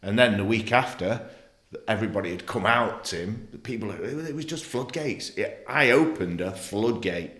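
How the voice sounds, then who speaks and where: Guy in his 50s, blunt and sweary, tells it fast and animated, lowish voice in an echoey room. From England. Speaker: podcast guest. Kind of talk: candid interview conversation.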